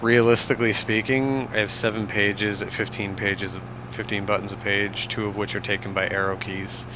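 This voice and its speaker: A man's voice: fairly low pitch, little pitch movement, moderate pace. A young man streaming a game, chatting casually and jokingly as he reads chat aloud. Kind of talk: live gameplay stream chat. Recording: muffled, noisy recording.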